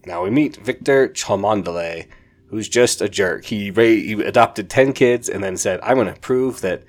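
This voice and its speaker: A man with a deep voice chats through a book review on his podcast. He is eager and rambling, often stopping to correct himself mid-sentence. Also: normal speed. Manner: enthusiastic, rambling, self-correcting. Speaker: podcast host.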